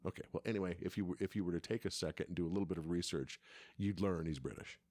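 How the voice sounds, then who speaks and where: A man's voice: low voice, racing, darkish tone, no room sound, studio quality. A middle-aged man telling a long story in casual chat, rambling and restarting his sentences often. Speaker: podcast co-host, father.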